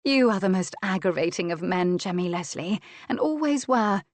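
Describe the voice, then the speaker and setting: A woman's voice: lowish voice, lively intonation, moderate pace, no room sound, lightly acted. A woman voicing Jasmine, a spirited, imperious young noblewoman who speaks with passion. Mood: ardent. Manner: imperious and impassioned.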